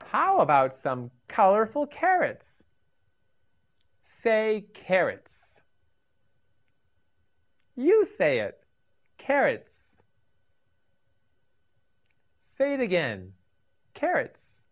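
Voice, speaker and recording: A woman's voice: medium pitch, wildly swooping pitch. A woman teaching English words to children in a scripted lesson, repeating each word and asking the listener to say it again. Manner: slow, sing-song, repeats words for learners.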